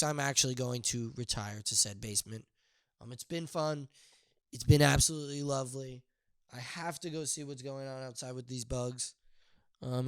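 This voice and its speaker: A young man hosting a solo podcast, rambling and profane, breaking into high strained shouts of a catchphrase. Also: smooth, dry recording, clean studio sound. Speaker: podcast host. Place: outdoors near his house.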